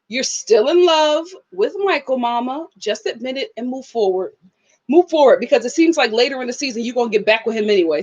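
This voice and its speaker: A high-voiced woman hosts a live chat reviewing reality TV. She is animated and outspoken, with lots of slang. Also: poor audio. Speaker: reality TV reviewer and channel host.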